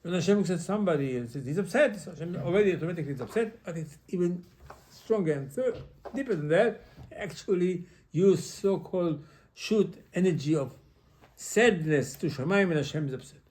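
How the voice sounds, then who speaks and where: A man, a rabbi, giving an animated Torah lesson in halting English with many repetitions. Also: high-pitched. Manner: animated, repetitive, non-native English phrasing.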